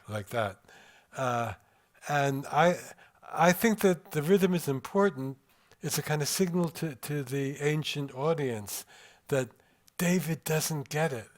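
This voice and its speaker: An older man lectures to a room of listeners, with an unhurried, deliberate delivery. He pauses often to weigh his words and reads passages aloud with careful attention to their cadence. His voice sits at an ordinary middle pitch. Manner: measured, reflective, pausing over word rhythm. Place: room with a live audience.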